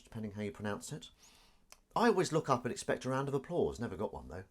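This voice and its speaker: A man's voice: fairly low pitch, wildly swooping pitch, rapid-fire, husky. A man hosting a live stream in a casual, jokey, self-mocking way, reading viewer comments aloud.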